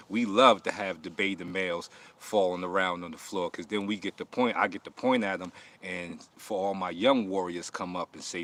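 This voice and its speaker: Lowish voice, bright and forceful, livestream host guy laughing and ranting at chat, aave. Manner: laughing, mocking, heated and animated. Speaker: martial arts channel host. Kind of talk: casual livestream talk answering chat.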